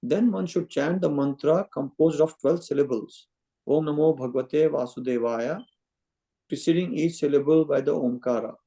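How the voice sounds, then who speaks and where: A man reads a scripture translation aloud for a study group joining by call. His voice is mellow and dark, and the reading is even and careful. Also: a little high, moderate pace, vocal fry, few pauses, poor audio. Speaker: group participant reading verses.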